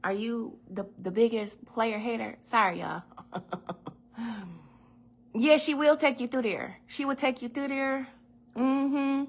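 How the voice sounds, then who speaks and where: Woman host, casual kitchen-livestream chat, slightly gravelly voice, laughs and curses freely. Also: a little high, measured pace. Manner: chatty storyteller, laughs and swears freely. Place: home kitchen. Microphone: phone or webcam in a home kitchen.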